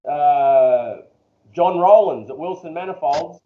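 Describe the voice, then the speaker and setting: Australian man, relaxed guest, high pitched, heard over a dull echoey video call. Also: slow. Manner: relaxed, chuckles often. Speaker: interview guest, engine builder. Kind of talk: casual interview chat.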